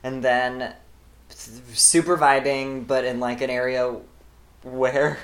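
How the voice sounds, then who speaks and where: A woman's voice: very deep voice, fairly even intonation, slow pace, roomy sound. A woman guest on a podcast, telling a candid story in casual chat and joking as she goes. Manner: candid, joking, trails off and restarts.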